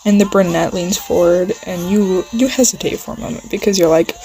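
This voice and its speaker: A woman improvising a second-person listener role-play story in a rambling way, full of fillers, pauses and apologies. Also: fairly low pitch, gravelly, mellow, low-quality recording. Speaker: channel host. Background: faint music playing.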